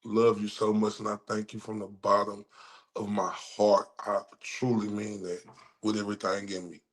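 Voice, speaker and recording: A man's voice: on the low side, monotone, normal speed. A man with a Southern US accent hosting a livestream, reacting to clips with hyped, crude trash talk. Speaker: livestream host. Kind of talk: casual reaction commentary.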